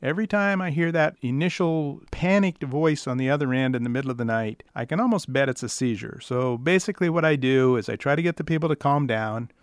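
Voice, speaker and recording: A man's voice: medium pitch, fairly quick, few pauses, no echo. A middle-aged man, a veterinarian, telling dry, wry stories about the questions his callers ask. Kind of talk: storytelling monologue.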